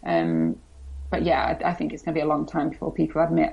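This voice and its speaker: Gravelly-voiced English woman, candid. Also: low voice, sing-song, quick pace, darkish tone, highs cut off. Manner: candid, frank, self-deprecating. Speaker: podcast guest, blogger. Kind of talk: casual interview chat.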